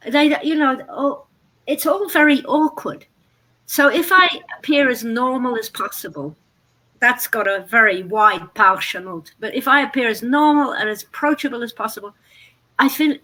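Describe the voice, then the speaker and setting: Casting note: British woman, bright, fairly high voice, dry wit, blunt delivery. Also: low-quality recording. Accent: British English. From Britain. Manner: dry, blunt, darkly humorous. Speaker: guest speaker. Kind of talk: interview on stage. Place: live event before an audience.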